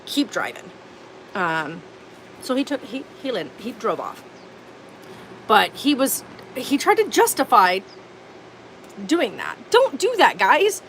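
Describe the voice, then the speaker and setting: A woman's voice: on the high side, big pitch swings, takes it slowly, long pauses, a bit bright, rough recording. Woman vlogging outside at an rv park, earnest and kinda fed up, rambles with lots of ums, faint road noise. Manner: earnest, indignant, rambling with fillers. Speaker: homestead vlogger. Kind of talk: casual storytelling vlog. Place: outdoors at an RV park.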